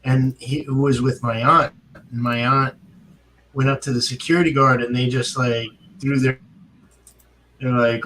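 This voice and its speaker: A man, a guest on a casual talk show, telling an animated family story. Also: mid-range voice, a little slow, pauses often, a little hiss or hum, poor audio. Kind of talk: casual chat.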